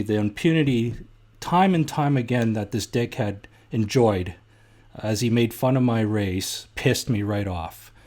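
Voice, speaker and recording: Speaking in a fairly low, darkish voice, this middle-aged podcast host from Canada tells stories in casual chat, blunt and heated, with plenty of swearing.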